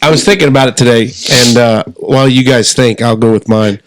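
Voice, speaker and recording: A man's voice: medium pitch, a little fast, dry recording, poor audio. Easygoing middle-aged Indiana man, dry close sound. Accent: Southern Indiana. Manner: relaxed, joking, lays out his plans step by step. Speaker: podcast co-host. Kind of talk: casual chat.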